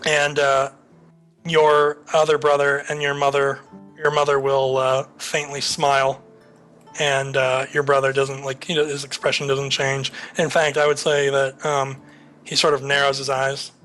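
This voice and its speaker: A man narrating a tabletop game as game master, relaxed and full of fillers. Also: mid-range voice, unhurried, soft background music.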